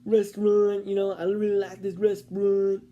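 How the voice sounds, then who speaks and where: A woman's voice: mid-range voice, level tone, moderate pace, dark tone, highs cut off, a little hiss or hum, voice pushed up, lightly acted. A woman quoting a desperate elderly man who keeps begging for help. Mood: pleading. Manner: begging, repetitive. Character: pleading elderly immigrant man.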